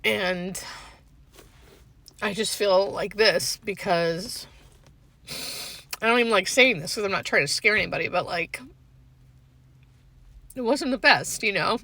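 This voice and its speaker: A woman hospice nurse talking to her phone from her parked car, tearful and fighting back crying, with halting speech full of "like". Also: medium pitch, sharp tone. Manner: halting, heavy use of filler "like". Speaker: hospice home care nurse. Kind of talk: emotional vlog monologue.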